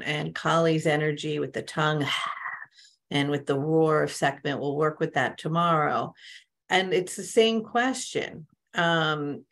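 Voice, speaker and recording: A woman spiritual coach talking casually to a group on an online call, telling stories with many asides. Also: deep voice. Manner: conversational, storytelling with many asides.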